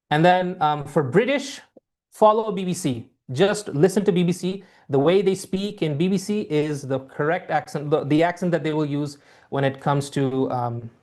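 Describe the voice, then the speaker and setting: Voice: medium pitch, a little mellow. Reassuring IELTS teacher, filler-heavy. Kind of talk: online lesson.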